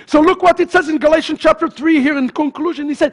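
Very high-pitched guy preaching a sermon, goes from yelling to almost murmuring. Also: quick pace, hardly any pauses. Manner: impassioned, swinging from loud shouts to hushed near-murmurs. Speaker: pastor. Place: congregation's sanctuary.

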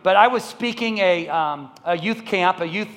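A man in his forties, a pastor telling a story in his sermon, earnest and dropping soft and low in the emotional moments. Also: normal speed, long reverb tail. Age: 40s.

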